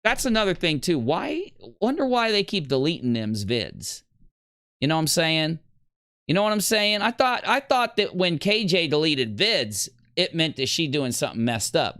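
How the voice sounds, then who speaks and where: A man hosting a livestream, ranting casually in a rambling, animated way. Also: normal speed, dry recording, studio quality. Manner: animated, rambling, breaks into high squeals. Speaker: livestream host.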